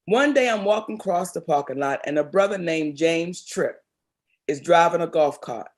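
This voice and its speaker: A woman's voice: fairly low pitch, moderate pace. A middle-aged woman from Baltimore, a comedian and actress, telling stories expressively in an interview. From Baltimore, Maryland. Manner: expressive, animated storyteller, calls people baby. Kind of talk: storytelling interview.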